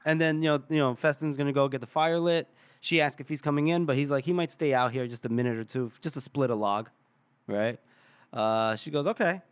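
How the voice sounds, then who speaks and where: A man's voice: mid-range voice, fairly even intonation, fairly quick, clear, resonant tone, no room sound. A man hosting a podcast, loosely retelling a chapter with fillers and laughs. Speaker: podcast host. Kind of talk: casual chapter recap.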